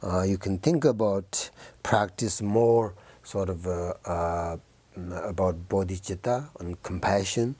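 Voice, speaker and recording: A man speaks as a Buddhist teacher in a very low, mellow voice, offering gentle New Year encouragement to his students. He talks slowly, pausing often with soft fillers. The sound is dry and close. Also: dry recording. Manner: halting, many fillers and pauses.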